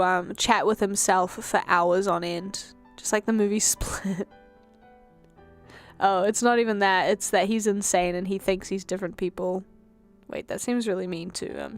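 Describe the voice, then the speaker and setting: A woman's voice: mid-range voice, vocal fry. A woman streamer chatting casually while she draws, rambling with self-mocking asides. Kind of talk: casual chat while drawing.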